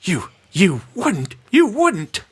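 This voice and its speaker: Man voicing a feeble, spiteful old woman for a tabletop game. Shrill, screechy, very high. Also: wildly swooping pitch, slow, a bit bright, husky, full character voice. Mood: frightened. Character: feeble, nasty old woman shrieking at intruders.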